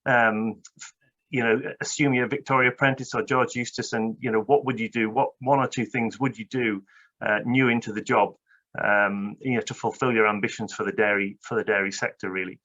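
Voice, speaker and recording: A man from Britain moderating a webinar panel, chatty and brisk with many fillers. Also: fairly low pitch, fairly even intonation, fairly bright tone. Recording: dull lo-fi webinar audio.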